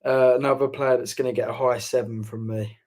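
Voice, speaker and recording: Measured man giving football verdicts. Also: medium pitch, flat delivery, darkish tone. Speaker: fan channel co-host. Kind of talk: casual football fan chat.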